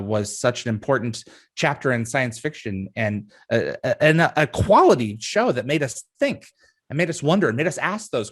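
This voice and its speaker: A man hosting a video-call interview, speaking earnestly and thanking his guests. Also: fairly low pitch. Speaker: host.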